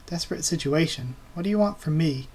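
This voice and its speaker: A man voicing a gruff, hot-tempered male lord who guards his hammer, reading the lines in close to his own voice. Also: fairly high pitch, brisk, darkish tone. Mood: indignant. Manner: read aloud in a near-normal voice.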